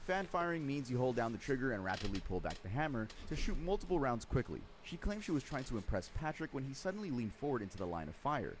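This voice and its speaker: A man giving scripted true crime narration, lively storytelling with dry sarcastic asides. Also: mid-range voice, fast talker, few pauses, noisy background.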